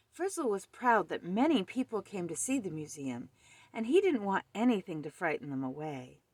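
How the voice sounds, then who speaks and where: Woman reading a kids book out loud, lively up and down voice, lowish, dry close sound. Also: slightly rough, no room sound. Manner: expressive storytelling. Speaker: children's book reader. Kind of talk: reading a picture book aloud.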